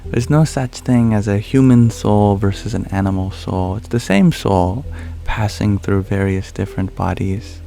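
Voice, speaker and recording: A man speaking softly and calmly as an ASMR livestream host, answering viewer questions. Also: on the low side, measured pace, gravelly, faint music behind. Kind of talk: soft-spoken ASMR livestream chat.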